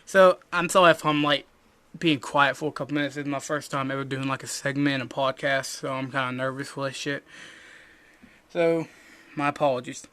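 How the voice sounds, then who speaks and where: A young man co-hosting a podcast, ranting crudely and jokingly, swinging from loud bursts to mumbled asides. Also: mid-range voice, fairly even intonation, fairly quick. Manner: loud, jokey and profane, drops to mumbling asides. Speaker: podcast co-host. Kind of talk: casual crude rant.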